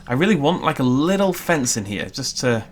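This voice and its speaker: A man's voice: medium pitch, big pitch swings, moderate pace, slight background noise. A young man giving casual, jokey let's-play commentary as he builds in a game. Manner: chatty, self-deprecating, jokey asides. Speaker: gaming YouTuber.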